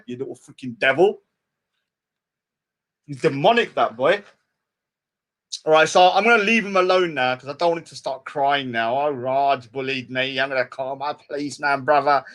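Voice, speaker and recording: A man's voice: on the high side, expressive, moderate pace, a bit bright. A man delivering a taunting rant at a rival, hurling insults and mocking him. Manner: mocking and insulting, mimics his target in a whiny voice. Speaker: street preacher and debater. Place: outdoors at a public speaking spot.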